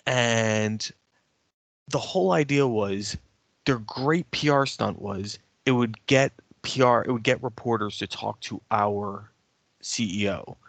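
Guy on a podcast ranting through a story, lowish voice, dry close mic, gets fired up. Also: slow, vocal fry, no echo. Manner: animated, ranting storyteller who grows heated. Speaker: podcast co-host and editor. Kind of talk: casual chat, storytelling.

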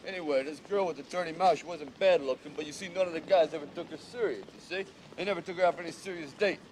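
An actor playing a streetwise boxer who lectures a young girl in rough, mumbled street slang, in a film clip. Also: a little high, fast, darkish tone, natural voice. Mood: lecturing. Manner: rambling fatherly lecturing. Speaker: film character.

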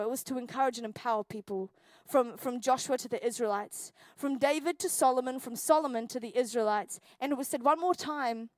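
A woman pastor delivering an earnest sermon, rising to intense peaks and dropping to quiet, intimate passages. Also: a little high, dry recording. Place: church.

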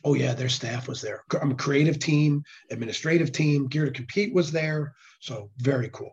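A slightly hoarse man speaks earnestly and casually in an interview, often stopping to restart his phrasing. His voice has a dull, lo-fi quality. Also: mid-range voice, normal speed. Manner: earnest, with frequent restarts and fillers. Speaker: nonprofit executive director. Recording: dull lo-fi sound.

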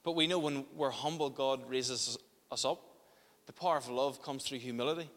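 A man's voice: mid-range voice, normal speed, a bit bright, long reverb tail. A man preaching a sermon as pastor in a church, impassioned, often restarting and repeating words.

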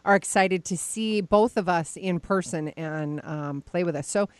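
A woman's voice: unhurried, smooth, no echo. A woman hosting a casual call-in radio show, chatty and prone to shrieks of disbelieving laughter. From United States. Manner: bursts into high incredulous laughter.

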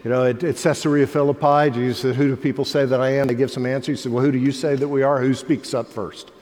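A man's voice: mid-range voice, lively intonation, brisk. Man preaching in a reverberant hall. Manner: dynamic, swings from loud emphatic to hushed. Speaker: pastor. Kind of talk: sermon. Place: church sanctuary. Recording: long reverb of a large hall.

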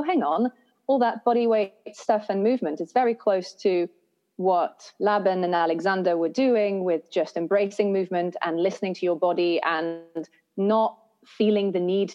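A woman's voice: fairly low pitch, a little mellow, lo-fi sound. A woman voice coach answering interview questions in a reflective, flowing and earnest way. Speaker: podcast guest, voice and breath coach.

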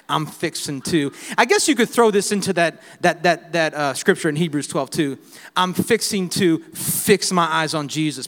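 High-voiced preacher in a reverberant hall. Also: male voice. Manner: folksy, joking, shifts from quiet to shouting. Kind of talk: sermon. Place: church hall.

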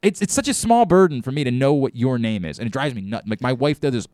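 A man's voice: medium pitch, lively intonation, quick pace, darkish tone, no room sound, studio quality. A man hosting a sports radio show, talking emphatically and often stumbling over and repeating his words. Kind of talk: casual sports talk.

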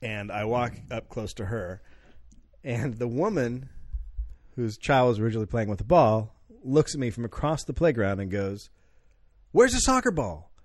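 A man's voice: medium pitch, moderate pace, a little mellow, no room sound, studio quality. A man co-hosting a casual podcast, telling a story about himself and laughing at his own behavior. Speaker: podcast co-host. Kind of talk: casual chat.

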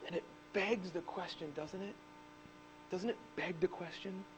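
A man in his thirties preaching a sermon as pastor, telling stories animatedly and rising to shouts on key points. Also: high voice, steady tone, unhurried, noisy background. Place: church.

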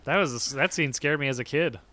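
A young man co-hosting a podcast, telling animated stories in casual chat and acting out quotes with sudden yelps. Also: a little high, fairly quick. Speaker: podcast co-host.

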